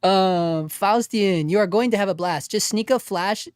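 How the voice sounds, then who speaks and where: A man's voice: high voice, measured pace, clean tone, no room sound, studio quality. A man hosting a casual livestream, reading chat aloud in a laid-back way, laughing often and calling people dude and bro.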